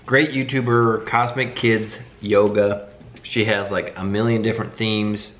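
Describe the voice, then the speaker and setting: A man's voice: lowish voice, level tone, a little slow, a bit bright, slight background noise. A young man co-hosting a casual chat with a laid-back, dry manner. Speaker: co-host. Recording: roomy echo.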